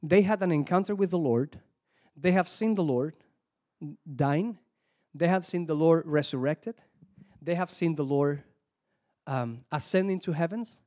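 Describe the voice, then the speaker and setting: A male preacher with a high voice and a Spanish accent delivers a sermon in English. He restarts his phrases, repeats words and pauses to search for English terms, turning to the audience for help. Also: dark tone. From Spain.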